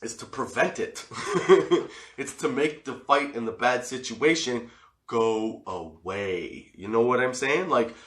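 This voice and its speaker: A man hosting a comedy podcast and telling a personal story, animated, swearing a lot and breaking into laughs as he acts out what people said. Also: medium pitch, takes it slowly, reverberant. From Canada. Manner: animated, swearing, laughing often, acting out quotes. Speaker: podcast host.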